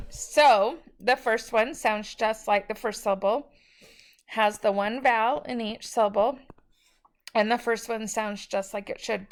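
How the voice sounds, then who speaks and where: A woman's voice: a little high, measured pace. A woman teacher giving a recorded spelling lesson, patiently sounding out each word syllable by syllable.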